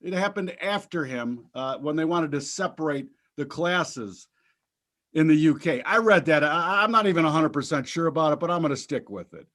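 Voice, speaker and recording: A man's voice: on the high side, lively intonation, normal speed, fairly bright tone. A man co-hosting a markets talk show, chatting casually in a blunt, profane, joking way.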